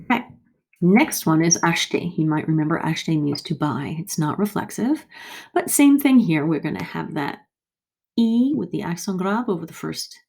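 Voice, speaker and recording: A woman teaching a French lesson, slowly and carefully modeling each verb form for learners to repeat. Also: sits low, creaky, mellow. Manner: slow, careful modeling of pronunciation. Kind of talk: screen-share language lesson.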